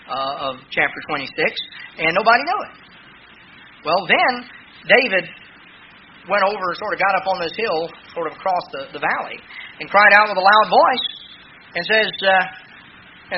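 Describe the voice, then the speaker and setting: High-voiced man preaching a sermon. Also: lo-fi sound, slight background noise. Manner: retells scripture in casual paraphrase, with fillers.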